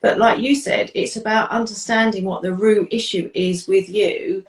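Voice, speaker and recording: A woman's voice: mid-range voice, fairly even intonation, moderate pace, distant mic. A woman hosting an interview, affirming and chatty as she talks with her guest about relationships. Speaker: interview host, coach. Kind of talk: conversational interview. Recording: roomy sound, away from the mic.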